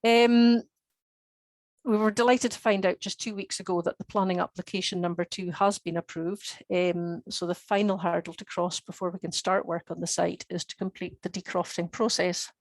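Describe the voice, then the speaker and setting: Woman crofter on a video call, lowish voice, kinda monotone, lots of restarts. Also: normal speed, dry recording. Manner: earnest, hesitant with many restarts. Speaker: crofter presenting her project. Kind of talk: spoken presentation on a video call.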